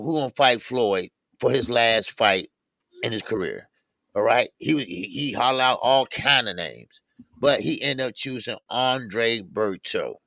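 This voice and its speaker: Co-hosting a live boxing talk stream, a man speaks in a gravelly, mid-range voice on a dry recording. He keeps things casual, giving chat viewers drawn-out, lively greetings one at a time.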